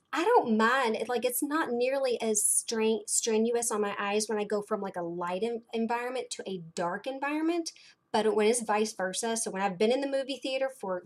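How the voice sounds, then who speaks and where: A woman, hosting a casual livestream chat in a rambling, chatty way full of fillers and dramatic asides. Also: mid-range voice. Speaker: host of a blind community livestream.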